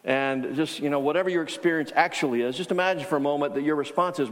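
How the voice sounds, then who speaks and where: A man's voice: fairly high pitch, fast talker, few pauses. A man preaching a sermon as pastor, telling a story in a conversational way with frequent restarts. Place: church sanctuary. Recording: long hall reverb.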